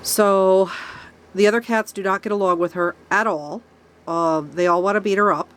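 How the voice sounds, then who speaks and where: A rabbit-keeping vlogger with a cold-stuffed nose rants angrily to camera about a problem in her rabbit barn, pets close by, even remarking on her own angry tone. Her voice is medium-pitched with fairly even intonation at normal speed.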